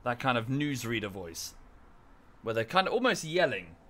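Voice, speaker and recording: A man's voice: medium pitch, sing-song, moderate pace, fairly bright tone. A man streaming live, chatting casually in a rambling way with many fillers and restarts, thanking viewers in chat as he goes.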